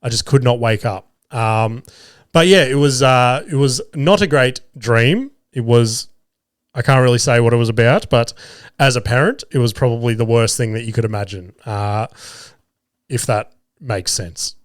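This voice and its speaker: A man's voice: medium pitch, normal speed, dry recording, clean studio sound. A young man hosting a solo podcast, rambling casually and swearing freely as he chats. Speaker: podcast host.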